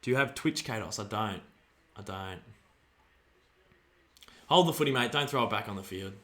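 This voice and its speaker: A young Australian man hosting a livestream, giving excitable watch-along commentary on a football match and chatting with viewers. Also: lowish voice, moderate pace. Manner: excitable, shouts at play, banters with chat. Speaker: livestream host.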